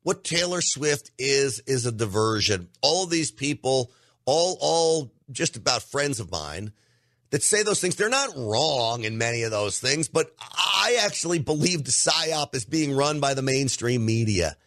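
A man's voice: mid-range voice, big pitch swings, unhurried, a bit bright, no room sound, studio quality. A middle-aged man hosting a podcast, delivering an emphatic opinion monologue straight to his listeners. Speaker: podcast host.

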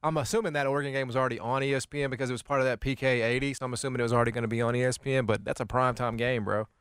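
A man's voice: medium pitch, fairly even intonation, rapid-fire, a bit bright, smooth, dry recording, studio quality. A man hosting a sports talk radio show, speaking energetically and conversationally. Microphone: studio mic.

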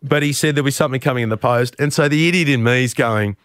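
A man's voice: medium pitch, very fast, fairly bright tone, no echo, clean studio sound. A man, middle-aged, telling candid, self-deprecating stories in conversation as an interview guest. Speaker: radio host, interview guest. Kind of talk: conversational storytelling.

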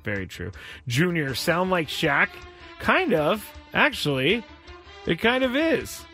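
A man hosting a sports talk show, chatting casually and rambling with frequent restarts and sudden jumps in pitch. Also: big pitch swings, takes it slowly, bright, forceful tone, faint music behind. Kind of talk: casual chat.

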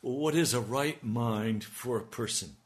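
A man's voice: mid-range voice, measured pace. A man preaching a sermon, building to emphatic, urgent appeals. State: hiccups. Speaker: radio preacher.

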